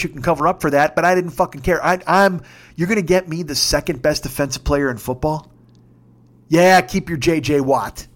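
Fifty-something podcast host, slightly high voice, swearing constantly and rambling through the story. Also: male voice. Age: 50s. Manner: profane, excitable, rambling. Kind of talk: casual storytelling rant.

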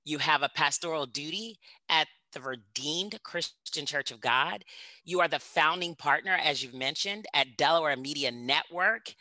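A woman hosting an interview, effusive and emphatic, swinging from loud excitement to softer asides. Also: deep voice, moderate pace, dry recording, rough recording. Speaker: interview host. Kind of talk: enthusiastic interview introduction and questions.

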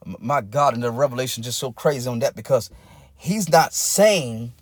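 A man's voice: medium pitch, animated, moderate pace, breathy edge. A man preaching a sermon, building in rising, intense cadences and breaking into bursts of tongues.

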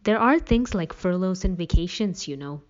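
A woman reading the part of a stern middle-aged father who snaps and yells at his kids. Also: lowish voice, expressive, normal speed, muffled recording, close to an everyday voice. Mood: weary. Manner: loud, snapping, exasperated.

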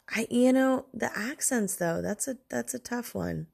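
A woman's voice: fairly high pitch, unhurried, creaky, hardly any pauses, darkish tone, slightly rough. A woman hosting a solo podcast alone in her room late at night, rambling and self-deprecating as she drifts off on tangents.

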